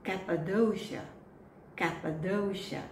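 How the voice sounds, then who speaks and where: Woman, pronunciation coach, very slow, repeats each word, echoey room. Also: medium pitch, steady tone. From Philippines. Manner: says each word slowly, then repeats it. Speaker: pronunciation coach for church lectors. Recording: echoey room with faint noise.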